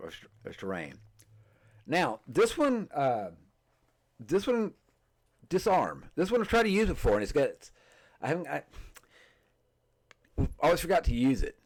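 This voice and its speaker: A man hosting a tabletop game podcast, chatting casually and reading game rules aloud, halting often, restarting phrases and filling pauses. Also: mid-range voice, a little mellow. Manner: halting, many fillers and restarts, stumbles over words. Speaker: podcast host. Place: streamed podcast setup.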